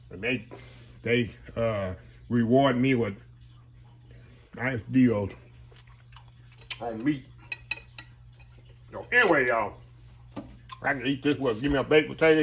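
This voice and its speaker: A man's voice: medium pitch, fairly bright tone. Folksy man hosting a cooking vlog. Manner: folksy, chatty, savoring food with hums. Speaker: cooking channel host.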